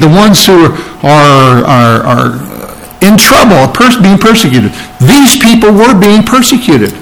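A man's voice: high-pitched, fairly bright tone, poor audio. A male pastor preaching a sermon, explaining scripture verse by verse with emphatic points and questions to the congregation.

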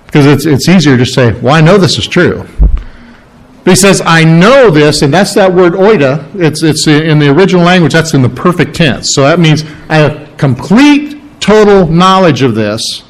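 A man's voice: normal speed, hardly any pauses, rough recording. A man preaching a sermon to a congregation, teaching from scripture with emphatic rises and restarts. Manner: animated preaching, rising in pitch for emphasis, with restarts. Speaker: pastor. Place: room with a congregation.

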